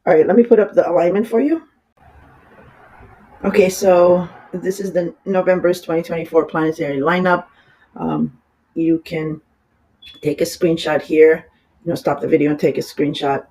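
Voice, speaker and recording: Raspy-voiced astrologer with a cold. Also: mid-range voice, steady tone, normal speed, long pauses, warm tone, low-quality recording. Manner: rambling, with many fillers and restarts; apologetic. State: has a cold. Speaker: astrologer giving horoscopes. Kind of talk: casual horoscope reading.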